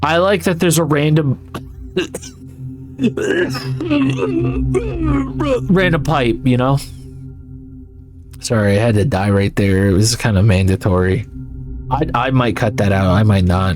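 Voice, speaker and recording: Male gaming YouTuber, mid pitch, slow and rambling, casual cursing. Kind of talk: gameplay commentary.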